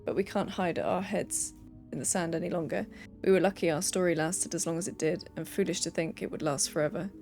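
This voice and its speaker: A woman's voice: on the low side, steady tone, a little fast, a little mellow, faint music behind. A young woman streaming a game, reading letters and notes aloud with playful asides.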